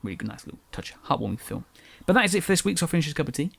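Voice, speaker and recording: Young English man, dropped T's, podcast host, rambling chat, rapid delivery, dry close sound. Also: fairly high pitch, very animated, gravelly, a bit bright, no room sound. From England. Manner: rambling, self-correcting, chatty. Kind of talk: casual solo podcast chat.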